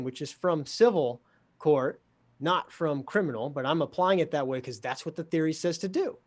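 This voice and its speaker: A man telling a story in a wry, animated way, acting out the dialogue. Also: a little high, moderate pace. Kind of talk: storytelling in a conversation.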